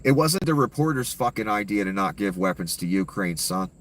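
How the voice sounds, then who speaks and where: A man's voice: lowish voice, lively intonation, brisk, a little hiss or hum. A man giving an angry, profane and sarcastic rant of political commentary.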